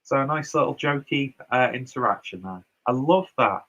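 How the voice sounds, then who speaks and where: A man's voice: mid-range voice, lively intonation, moderate pace, fairly bright tone, dull audio. A man casually reading out and answering viewer comments on his beer reviews, loose and chatty with lots of fillers and asides.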